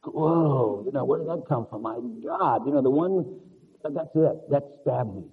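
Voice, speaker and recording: A man's voice: mid-range voice, lively intonation, measured pace, slightly rough. A man preaching a conversational sermon in a rambling, confessional way with chuckling asides. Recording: narrow phone-like lo-fi sound.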